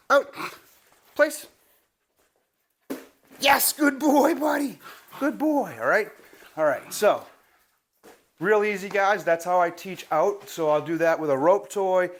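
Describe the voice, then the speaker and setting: A man teaching a puppy commands on video, talking straight to viewers in a casual, chatty way. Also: slight background noise. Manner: talks to the viewer and praises the puppy in a high, drawn-out voice. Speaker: dog trainer. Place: training a puppy, moving around.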